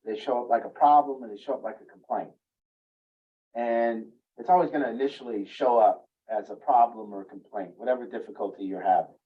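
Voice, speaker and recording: Man coaching parents, distant dull sound. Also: a little fast. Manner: earnest, acts out parents' inner voices in a raised pitch. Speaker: family recovery coach. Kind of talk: teaching talk to parents.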